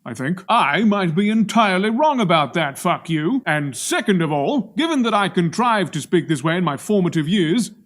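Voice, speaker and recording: A man's voice: sits high, animated, moderate pace, few pauses, fairly bright tone. Verbose, projecting Australian-born man. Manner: verbose, pontificating, projecting, wry. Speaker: vlogger. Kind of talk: monologue to camera.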